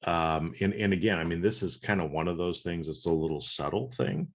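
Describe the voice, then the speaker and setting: A man's voice: low-pitched, brisk. A man co-hosting a podcast in casual chat who coaches business leaders. He talks with hesitant restarts and demonstrates his points.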